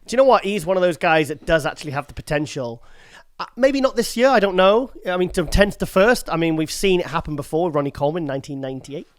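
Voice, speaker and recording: Chatty man, slightly high voice. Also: animated, fast. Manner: chatty, rambling with restarts and fillers. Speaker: podcast host. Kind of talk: casual chat.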